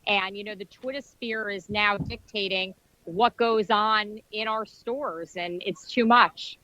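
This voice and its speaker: A woman's voice: mid-range voice, fairly even intonation, takes it slowly, pushed and bright, rough recording. A woman organizing a rally, calling in live from outdoors and speaking in an indignant, rallying way. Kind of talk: live remote interview.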